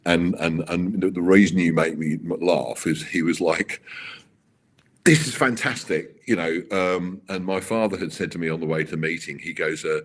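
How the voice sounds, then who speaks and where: A middle-aged man, a racing car designer, telling stories in an interview with halting restarts and acted-out quotes. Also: low voice, level tone. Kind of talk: animated storytelling interview.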